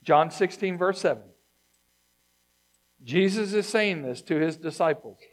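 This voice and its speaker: High-voiced man preaching a sermon. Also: animated, a little slow. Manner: conversational, emphatic preaching that swings from loud to hushed. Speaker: pastor.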